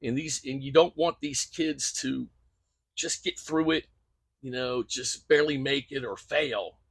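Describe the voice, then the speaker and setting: An older man talks with earnest conviction, stacking up repeated phrases as he makes his point. His voice has a husky edge and sits close to a dry, unreverberant mic. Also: mid-range voice, unhurried, fairly bright tone, no room sound. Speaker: guest coach. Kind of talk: conversational interview.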